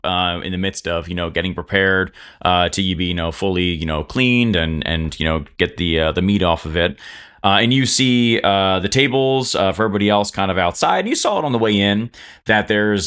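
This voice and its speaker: Man running a tabletop game, deep and smooth, loose rambling narration. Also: fairly bright tone. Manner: rambling, many fillers. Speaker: game master.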